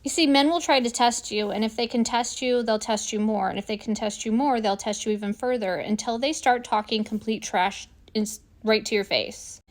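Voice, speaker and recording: Woman, forties, slightly high voice, indignant, animated, casual storytelling. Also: normal speed, few pauses. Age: 40s. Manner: animated, indignant, acts out quoted lines. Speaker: vlogger.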